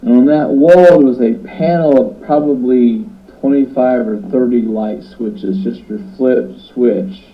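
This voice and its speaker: A man recounting a dream in earnest spoken testimony, halting and repeating words, sleepless and urgent. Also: mid-range voice, highs cut off.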